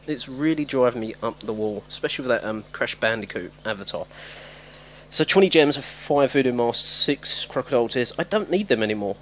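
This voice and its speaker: Chatty guy streaming his game, mid-pitch voice, bit of hiss behind. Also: animated, fairly quick. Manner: chatty, talks to viewers by name, self-teasing. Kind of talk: casual live-stream commentary.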